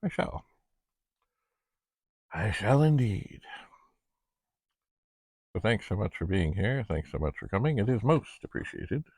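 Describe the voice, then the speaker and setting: A man's voice: on the low side, sing-song, a little fast, creaky, few pauses, darkish tone, breathy edge, dry recording. A middle-aged man hosting a vlog, chatting casually as he narrates each step of his work with playful little asides. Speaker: vlog host testing vintage computers. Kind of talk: casual narration while working.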